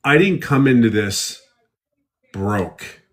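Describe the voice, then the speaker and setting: A man's voice: mid-range voice, expressive, slow. A middle-aged man, a guest in a casual live interview, who rambles and repeats himself as he tells stories.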